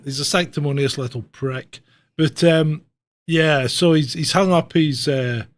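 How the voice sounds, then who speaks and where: A man hosting a livestream news roundup, talking in a blunt, mocking, sweary casual way. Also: mid-range voice. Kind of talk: sarcastic casual chat.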